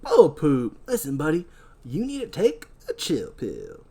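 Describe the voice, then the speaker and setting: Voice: mid-range voice, wildly swooping pitch, measured pace, warm tone, slightly rough, full character voice. A podcast host voicing a reckless young stoner man, laid-back, pushy and full of slang.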